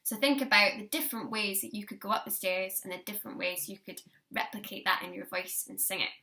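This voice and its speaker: A young woman teaching a singing lesson, encouraging her students and demonstrating warm-up lines for them to copy. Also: mid-range voice, fast.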